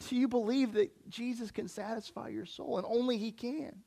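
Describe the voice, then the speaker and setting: A man's voice: very high voice, steady tone, normal speed, vocal fry, warm tone. A young man preaching a sermon in a church, talking in a conversational way and putting questions straight to the congregation. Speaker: pastor.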